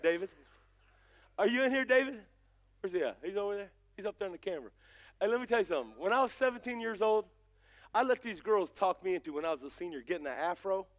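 A man with a very high voice preaches in church, swinging from folksy, joking asides aimed at people in the pews to fervent, shouted calls. His delivery is loose and conversational between the peaks of intensity. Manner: folksy and joking, addresses members of the congregation. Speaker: pastor. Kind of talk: sermon.

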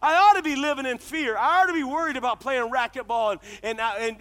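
A middle-aged man preaching a sermon as pastor, with impassioned delivery that builds to shouts. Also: very high voice, quick pace, few pauses.

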